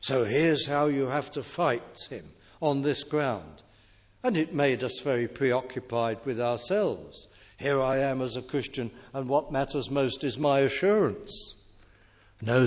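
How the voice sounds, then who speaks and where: A man preaches a sermon at a slow, deliberate pace, leaning on key phrases for emphasis. His voice sits at an ordinary pitch and carries a long hall reverb around it.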